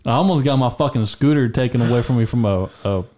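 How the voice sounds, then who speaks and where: A man's voice: mid-range voice, fast, warm tone. A young man in casual podcast chat, telling long crude stories full of swearing and filler words. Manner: crude, rambling storyteller, swears a lot. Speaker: podcast co-host.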